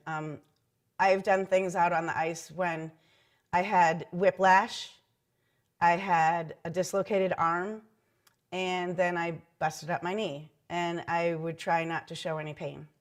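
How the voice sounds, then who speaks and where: A middle-aged woman, a former team mascot, recounting mishaps in a chatty oral history interview with frequent ums and likes. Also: lowish voice. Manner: chatty anecdotal telling with many ums and likes.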